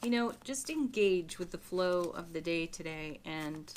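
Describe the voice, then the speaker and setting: A woman giving a spiritual tarot reading to her viewers, speaking gently and often breaking into soft little laughs. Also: on the low side, animated, a little slow, a little hiss or hum. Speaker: tarot reader.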